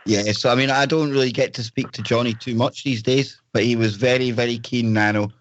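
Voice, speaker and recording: A man's voice: medium pitch, steady tone, brisk, lo-fi sound. A man from the north of Scotland with a Scottish accent, hosting a podcast in a joking, rambling chat. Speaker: host.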